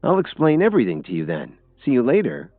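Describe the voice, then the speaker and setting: A man's voice: medium pitch, huge pitch swings, fast talker, no room sound, pitched above the performer's own voice. A man voicing a mischievous female police officer who teases playfully and sounds a little smug. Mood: teasing. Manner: playful, teasing, mildly smug. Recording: tinny phone-like audio with faint music.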